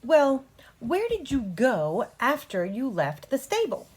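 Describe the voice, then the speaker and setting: A woman voicing an earnest male defense attorney in a courtroom play, with slow, deliberate and formal delivery. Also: a little high, big pitch swings, exaggerated voice.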